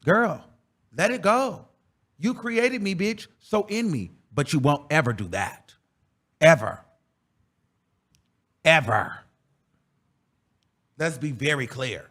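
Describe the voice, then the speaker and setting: A man's voice: a little high, expressive, measured pace, fairly bright tone. A man hosting a reaction show, ranting in a profane, confrontational and emphatic way. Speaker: commentary host. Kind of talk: heated reaction commentary.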